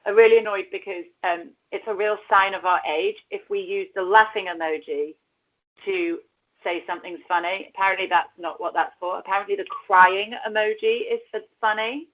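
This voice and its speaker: On a podcast with dull lo-fi audio, this co-host speaks at a normal pace with a steady, medium-pitched voice. Her conversation about reality TV is relaxed, peppered with frequent laughter and the odd curse word.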